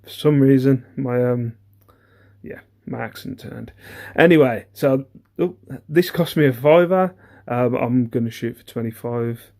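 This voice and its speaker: A man's voice: medium pitch, unhurried, vocal fry, a little mellow. A man, chatting casually through an eBay reseller's haul video. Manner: chatty, rambling, self-deprecating, many ums.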